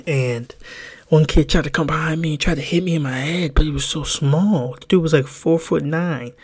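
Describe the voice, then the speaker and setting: A young man co-hosting a podcast, telling stories in a casual, animated way, swearing freely and laughing as he goes. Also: fairly high pitch, normal speed, slightly rough. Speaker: podcast co-host. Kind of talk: casual storytelling.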